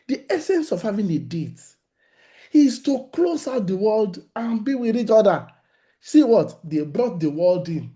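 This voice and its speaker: A middle-aged pastor preaches on relationships, animatedly acting out little conversations as he teaches. His voice sits high and has a dark tone.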